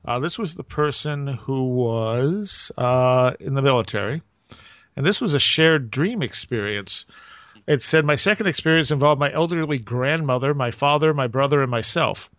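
A man who is a podcast host, chatting casually and reading a listener's account aloud in an even, steady way. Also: medium pitch, moderate pace, no echo.

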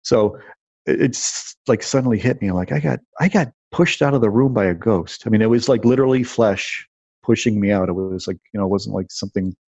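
Low-voiced man telling a rambling story. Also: fairly quick, a little mellow, breathy edge, no room sound. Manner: rambling, restarts and repeats words, lots of "you know" and "like". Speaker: guest telling personal stories. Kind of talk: casual storytelling. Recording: dull dry lo-fi recording.

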